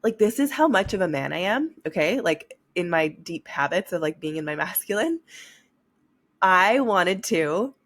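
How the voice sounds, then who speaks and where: A woman's voice: lowish voice, lively intonation, moderate pace, a bit bright. A young woman hosting a solo podcast, talking frankly and with energy, swearing casually and addressing her listeners directly. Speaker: podcast host. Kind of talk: candid solo podcast talk.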